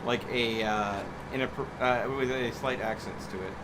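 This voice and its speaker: Guy on a gaming stream joking around, mid pitch, truck game noise going behind him. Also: fairly even intonation, normal speed. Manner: joking, laughs easily, self-deprecating. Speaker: gamer on a multiplayer stream. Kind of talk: casual chat while gaming.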